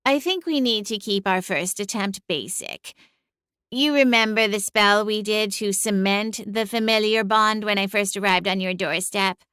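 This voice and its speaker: A woman's voice: medium pitch, normal speed, sharp tone, clear, resonant tone, no echo, studio quality, natural voice. A woman voicing a smug, sassy female cat familiar in an audiobook, with a drawling, sing-song, condescending delivery. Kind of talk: audiobook character voice.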